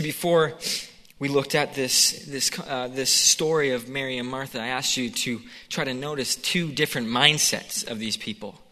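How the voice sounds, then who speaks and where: A man's voice: on the high side, bright, forceful tone, in a large hall. A man preaching a sermon in a conversational way, acting out the scene with quoted voices.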